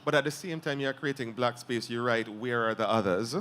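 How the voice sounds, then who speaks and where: A man's voice: medium pitch, a little fast, a bit bright, slight background noise. A man with a Jamaican accent interviewing a writer, thoughtful, laughing easily and framing long questions. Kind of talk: conversational interview at a literary event.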